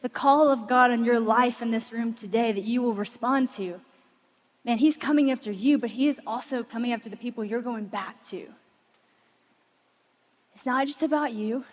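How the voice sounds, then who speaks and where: A woman preacher giving a passionate sermon to a large crowd, telling stories and dropping into soft, intense moments. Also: on the high side, normal speed, pauses often. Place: large arena before thousands. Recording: long hall reverb.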